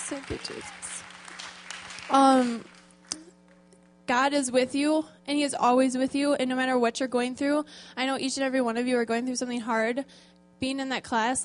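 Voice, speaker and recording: A woman with a high voice stands up at a church service to share a heartfelt testimony. She speaks with emotion close to tears, pausing and hesitating as she reads a scripture passage. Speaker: church program volunteer.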